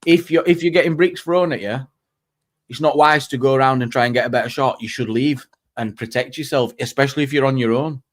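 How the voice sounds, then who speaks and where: Guy on a stream panel, rambly, lots of restarts, average pitch. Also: brisk. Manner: rambling, restarts often, dialect "were". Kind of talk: casual panel chat.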